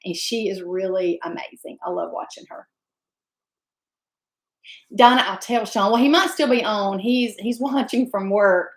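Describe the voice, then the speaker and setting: A woman's voice: medium pitch, unhurried, long pauses, echoey room. Chatty woman live-streaming. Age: 50s. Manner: chatty and effusive, greeting viewers by name. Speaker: livestream host. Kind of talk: casual live-stream chat reading viewer comments.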